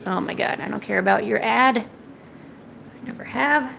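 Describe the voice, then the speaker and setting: A sick woman streaming her drawing, chatting softly to her pets and cooing at them. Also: mid-range voice, moderate pace, creaky, slight background noise, poor audio. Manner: soft, cooing pet talk. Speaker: art streamer. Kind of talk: casual chat to her pets while drawing. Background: faint music.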